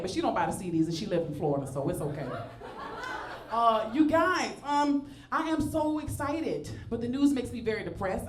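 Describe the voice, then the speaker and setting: A woman from the Southern US with a Southern accent, doing a playful, self-mocking stand-up comedy set on a club stage into a handheld mic. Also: a little high. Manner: animated, self-mocking, playful asides to the crowd. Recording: echoey club with audience laughter.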